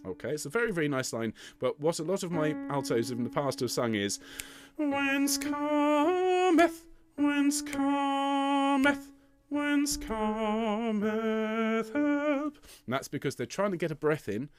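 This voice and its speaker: Patient choir teacher with lively pitch. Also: male voice, quick pace, hardly any pauses. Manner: patient, encouraging, breaks into sung demonstrations. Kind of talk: choir rehearsal tutorial. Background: piano accompaniment.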